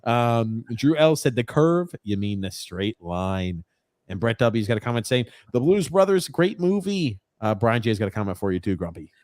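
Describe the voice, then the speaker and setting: A man's voice: mid-range voice, big pitch swings, moderate pace, darkish tone, dry recording, studio quality. A young man hosting a podcast, casually reading viewer comments aloud and laughing often. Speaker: podcast host.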